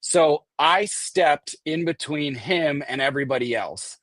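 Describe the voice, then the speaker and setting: A man as a guest, telling a story in casual talk, animated and swearing, acting out the people he quotes. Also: on the high side, measured pace, no room sound. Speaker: guest recounting an event.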